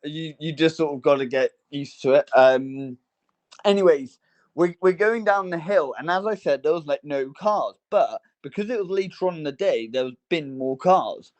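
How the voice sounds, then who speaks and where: Podcast co-host: young man, a touch high-pitched, rambling anecdote-teller full of fillers. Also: moderate pace, a little mellow. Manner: rambling storyteller, many fillers and restarts. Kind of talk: casual chat.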